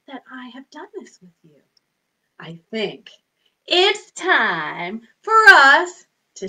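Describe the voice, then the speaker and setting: Woman, children's librarian, high bright voice, unhurried delivery, sing-song rhymes for kids, bubbly and playful. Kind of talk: singing rhymes and movement songs for children. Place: home.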